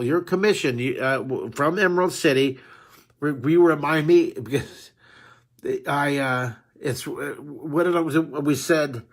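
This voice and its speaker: A middle-aged man, a drawing teacher, chatting live with his viewers in a friendly, rambling way with frequent restarts. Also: a little high. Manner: friendly, talks straight to viewers. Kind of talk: live-stream chat with viewers.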